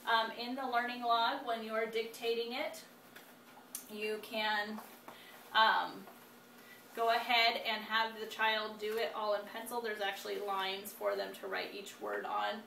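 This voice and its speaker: A woman in her thirties teaching spelling, dictating words slowly and deliberately with frequent fillers. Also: on the high side, little pitch movement, gravelly, sharp tone. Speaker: homeschool teacher. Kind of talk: instructional demonstration. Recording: echoey room, distant mic, faint noise.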